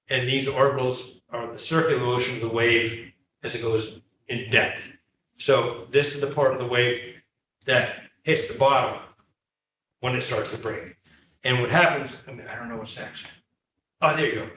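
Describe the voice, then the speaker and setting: Animated male lecturer in an echoey hall. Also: mid-range voice, a little hiss or hum. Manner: animated, acts out dialogue in his anecdotes. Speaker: coastal science lecturer. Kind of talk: storytelling lecture to a live audience. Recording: echoey room, heard from far off.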